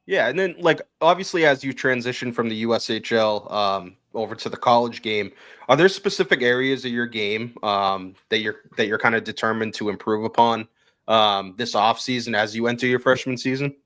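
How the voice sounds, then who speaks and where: A man's voice: medium pitch, moderate pace, a bit bright. A man hosts a casual hockey podcast in an ordinary mid-range voice. He asks his questions in a chatty, rambling way, stacking up fillers and restarts as he goes. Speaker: podcast host.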